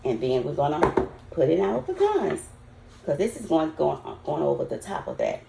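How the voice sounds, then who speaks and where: A woman's voice: deep voice, sing-song, moderate pace, gravelly, heavy background noise. An older woman with a Southern US accent, chatting folksy and casual to viewers as she cooks in her home kitchen. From Southern United States. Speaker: home cook. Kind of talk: casual cooking vlog. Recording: roomy, echoey kitchen.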